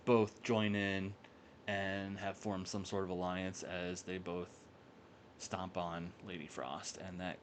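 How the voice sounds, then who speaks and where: A man casually recapping a wrestling simulation playthrough, halting often with ums and uhs. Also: lowish voice, slight background noise. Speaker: game let's-play narrator.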